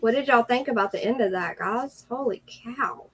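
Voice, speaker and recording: A woman's voice: on the high side, moderate pace, breathy edge, poor audio. Chatty woman greeting viewers. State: teary, runny nose. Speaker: livestream host. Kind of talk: casual livestream chat.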